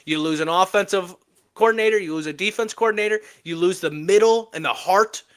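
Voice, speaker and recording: A man co-hosting a casual sports podcast, animated and joking, with emphatic trash talk. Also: high-pitched, fairly quick, clear, resonant tone. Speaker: podcast co-host.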